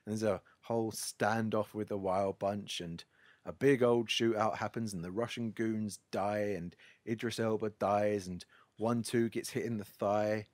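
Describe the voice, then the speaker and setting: A man's voice: fairly low pitch, fairly even intonation, unhurried, darkish tone, no room sound. A man hosting a podcast, wryly recapping a film plot in a casual, storytelling way. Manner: wry, storytelling. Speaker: podcast host.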